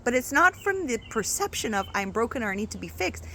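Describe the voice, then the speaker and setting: Lively, high-voiced woman coach. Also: a little fast, a little hiss or hum. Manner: expressive, chatty, often asks "right?". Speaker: spiritual coach. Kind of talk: casual spiritual talk to camera.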